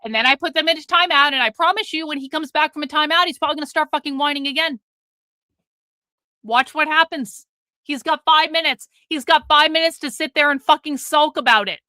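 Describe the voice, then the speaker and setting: A middle-aged woman hosts a casual livestream with a high, bright voice. She is blunt and profane as she scolds viewers in the chat. The recording is dry and close. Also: fairly quick, no room sound. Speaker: livestream host.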